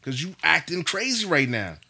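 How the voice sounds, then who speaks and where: A young man telling a story in casual chat, animated and profane, acting out what people said. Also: fairly high pitch, normal speed, creaky, slightly rough.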